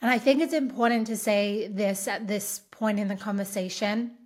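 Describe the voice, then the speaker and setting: An Australian woman hosting a podcast, talking in an earnest, encouraging and steady way on her own. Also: medium pitch, moderate pace. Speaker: podcast host. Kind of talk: reflective solo talk.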